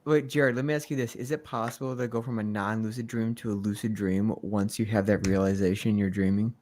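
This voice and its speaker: A man's voice: on the low side, steady tone, a little fast, darkish tone, slight background noise. A man hosting a livestream, asking curious questions and reacting often. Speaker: host. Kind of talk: casual livestream chat.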